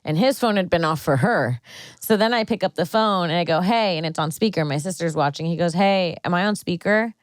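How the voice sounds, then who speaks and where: A woman hosting a casual comedy podcast, telling stories in an animated way, acting out the quotes and swearing freely. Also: lowish voice, fast talker, dry recording. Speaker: podcast host. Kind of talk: casual chat. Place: studio.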